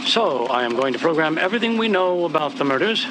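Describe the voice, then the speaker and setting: An actor playing a cocky, insistent American computer scientist turned sleuth in a 1980s film. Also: male voice, fairly high pitch, sing-song, fast, noisy background. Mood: determined. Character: brash young American computer scientist detective.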